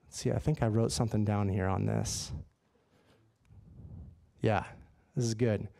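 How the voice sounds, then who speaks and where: A man preaching a sermon in a church, telling a personal story in a lively, conversational way. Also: fairly low pitch, measured pace, gravelly. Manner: animated and conversational, acts out his own dialogue. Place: church sanctuary.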